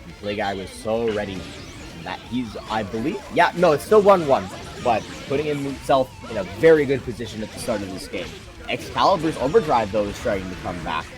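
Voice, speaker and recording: A man's voice: on the low side, big pitch swings, fairly quick, music in the background. A man commentating a fighting game tournament, breaking down plays with dry jokes, his voice a bit worn out. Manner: analytical, joking. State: tired voice.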